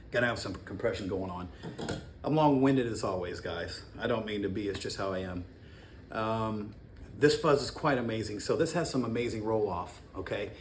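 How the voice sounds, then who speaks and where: A man chatting casually about guitar pedals in a rambling, slangy way, at home. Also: on the low side. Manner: rambling, slangy, self-interrupting. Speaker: guitar gear vlogger. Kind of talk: casual pedal demo talk. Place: home with a dishwasher running. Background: faint dishwasher noise.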